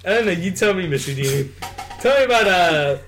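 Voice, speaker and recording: A man's voice: sits high, animated, fairly quick, a bit bright, faint music behind. Goofy, teasing young male podcast host. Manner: goofy, teasing, sound effects. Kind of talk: casual joking chat.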